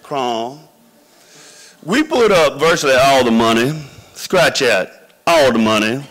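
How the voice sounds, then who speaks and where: A man voicing a blunt, folksy older male investor who talks loud and drawling, with hall reverb around him. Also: mid-range voice, expressive, slow pace. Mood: smug.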